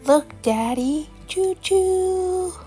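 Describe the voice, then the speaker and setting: A woman voicing a small bratty demon girl with a high, whining voice. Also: lively intonation, extremely slow, mellow, soft background music, exaggerated voice. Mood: playful. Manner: high, whiny, throws tantrums. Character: little demon girl with tail and horns, bratty.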